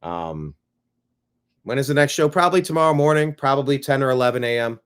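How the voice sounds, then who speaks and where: A laid-back man hosting his own stream, rambling easily as he thinks aloud. His voice sits at an ordinary middle pitch. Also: animated, fairly quick, clear, resonant tone. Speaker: show host. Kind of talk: casual live-stream chat.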